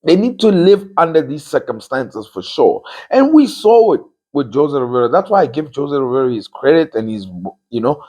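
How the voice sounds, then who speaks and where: A man hosting a football talk show, his voice slightly high and husky. He argues his opinions casually but emphatically, repeating key phrases for force. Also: very animated, normal speed, mellow.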